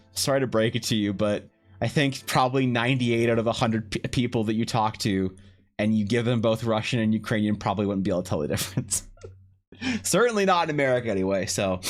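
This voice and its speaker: A man from Canada, chatting casually on a live stream, rambling with many restarts and freely swearing. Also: lowish voice.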